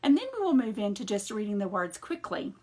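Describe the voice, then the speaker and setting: Woman, reading teacher, phonics lesson for children, sing-song, husky. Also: mid-range voice, sing-song, a little fast, a little mellow.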